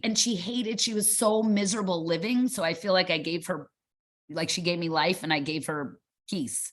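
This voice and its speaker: Bright-voiced woman telling animated stories. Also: mid-range voice. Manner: animated storyteller acting out dialogue. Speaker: boxing gym owner, guest. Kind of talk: casual interview chat.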